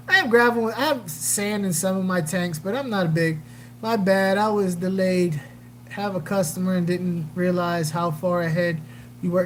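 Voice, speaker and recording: A woman's voice: mid-range voice, unhurried, a little hiss or hum, poor audio. A woman hosting a casual livestream chat, rambling, joking and answering viewer comments with lots of fillers. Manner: animated, jokey, trails off with fillers. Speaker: aquarium channel livestream host.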